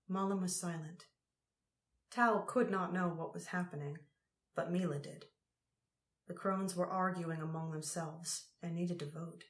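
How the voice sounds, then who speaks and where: A woman narrating an audiobook chapter in a measured, unhurried reading. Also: fairly low pitch, steady tone. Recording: roomy echo.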